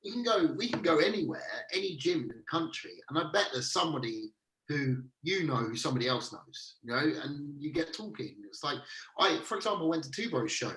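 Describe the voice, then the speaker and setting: A man's voice: fairly high pitch, very animated, fairly quick, a bit bright, recorded from a distance. A man co-hosting a casual podcast chat, laid-back and chatty, swearing now and then. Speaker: podcast co-host. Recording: roomy echo, speaking from off-mic.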